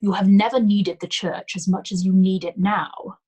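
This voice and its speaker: Woman reading stern male priest, flat, grave, earnest, husky. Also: medium pitch, moderate pace, natural voice.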